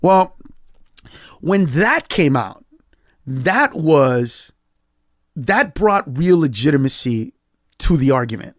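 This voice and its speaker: A male comedian guest on a podcast tells his story emphatically, swearing freely and bursting into acted-out quotes. His voice sits fairly high for a man. The sound is dry and close, with no room around it. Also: sing-song, slow, pauses often, no room sound. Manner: emphatic and profane, acts out quoted lines with big pitch jumps.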